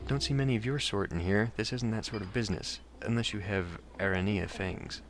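A man's voice: lowish voice, fairly quick, music in the background, natural voice. A man reading out the lines of a sly woman metallurgist from a game, in his own plain voice. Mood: dry. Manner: reads dialogue aloud plainly.

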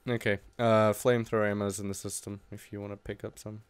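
Man, casual game chat, excitable banter, lowish voice, dry sound. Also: clear, resonant tone, no room sound. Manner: excitable, quick back-and-forth banter. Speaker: co-host gamer.

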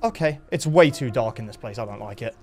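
Young man with a lively, swinging pitch, nervy and excitable, chatting through a game over faint music. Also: brisk. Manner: jumpy, excitable, talks to his horse, sudden yelps of fright. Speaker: gaming YouTuber. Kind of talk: live gameplay commentary.

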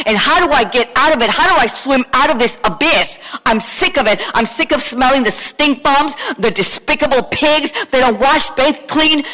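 A woman delivers a furious, profane public comment at a city council podium. Her voice sits high and bright. The reverberant council chamber gives her words a long, echoing tail. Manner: angry, profane ranting.

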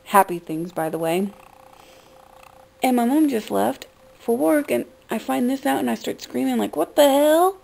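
A woman's voice: a little high, moderate pace, creaky, warm tone, low-quality recording. A woman vlogger talking in an upset, profane rant, shocked and ranting. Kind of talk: emotional vlog rant.

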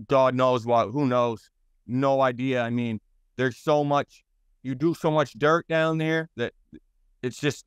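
A man in his thirties with a Boston accent, a guest telling his stories in a blunt, rambling and profane way, with halting restarts. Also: mid-range voice, clear, resonant tone, no room sound. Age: 30s. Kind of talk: interview storytelling.

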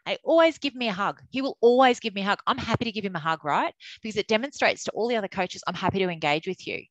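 A middle-aged woman, an umpires manager giving a candid, animated webinar talk. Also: mid-range voice, racing, no echo, poor audio. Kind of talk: webinar presentation.

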